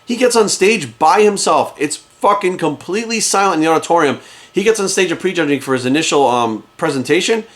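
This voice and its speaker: A man in his office talks straight into a camera in a quick, heated rant. His voice sits a bit high for a man, and he swears constantly for emphasis as he pushes his points. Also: lively intonation, a bit bright. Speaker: fitness coach. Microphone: camera in front of him.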